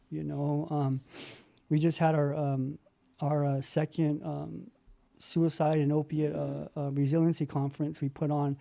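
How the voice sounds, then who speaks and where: A middle-aged man speaks in a heartfelt, rambling way, full of fillers and restarts. His voice is mellow and sits a little high for a man. He is on a video call. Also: creaky. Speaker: meeting participant sharing.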